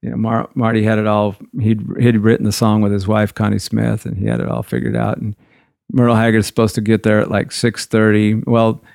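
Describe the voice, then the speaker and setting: A man's voice: lowish voice, level tone, brisk, creaky, darkish tone, no room sound, studio quality. A man, a guitarist, telling rambling stories from the road in a loose, conversational way. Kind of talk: anecdotal storytelling.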